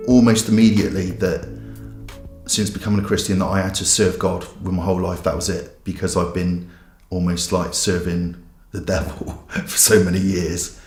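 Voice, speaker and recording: A man's voice: low voice, little pitch movement, moderate pace, a little mellow, echoey room, faint music behind. A man, a pastor giving a candid, self-mocking personal testimony. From England.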